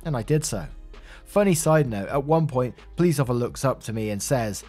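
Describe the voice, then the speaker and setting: A man reads a Reddit story aloud, casual and chatty, with asides along the way. His voice sits at an average pitch over faint background music. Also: lively intonation, a little fast, darkish tone. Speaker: story narrator.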